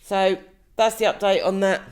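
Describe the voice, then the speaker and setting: A woman's voice: medium pitch, level tone, normal speed, darkish tone, smooth. A woman co-hosting a podcast in casual chat, laughing often and swearing casually. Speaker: podcast co-host.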